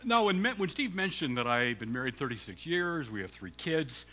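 Animated older man preaching. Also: a little high, normal speed, slight background noise. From Canada. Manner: warm joking banter with the congregation. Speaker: guest preacher. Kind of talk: sermon. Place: church sanctuary.

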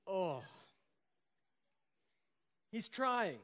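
A man preaches a sermon in an easy, conversational tone, his voice sitting a little higher than most. He keeps checking in with his listeners and briefly acts out the characters as he retells the story. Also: very animated, very slow, a bit bright. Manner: conversational preaching, acts out quoted lines, frequent "right?" and "like". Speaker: pastor.

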